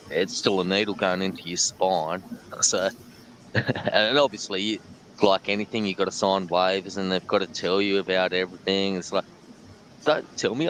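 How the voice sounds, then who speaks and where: Australian man, low-ish crisp voice, casual interview guest, blunt joking tone. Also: a bit bright, a little hiss or hum, low-quality recording. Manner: blunt and joking, laughs while talking. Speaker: guest, chilli-eating champion.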